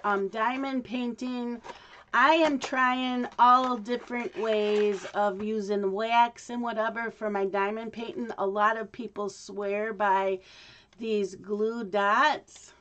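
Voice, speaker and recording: Slow-talking woman chatting about crafts. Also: a little high, steady tone, fairly bright tone. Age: adult. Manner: rambling, chatty, with many ums and restarts. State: hiccups. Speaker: craft vlogger. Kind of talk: casual chat to camera.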